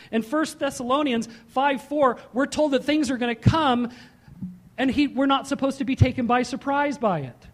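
A man preaching a sermon as pastor, slowing down to stress key points and dropping into chatty storytelling. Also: extremely high pitch. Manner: emphatic, slows and rises for key points, then drops into chatty storytelling.

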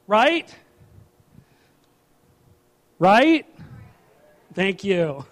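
A male pastor preaching a sermon in an animated, humorous way, repeating his key phrases. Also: high voice, moderate pace, long pauses.

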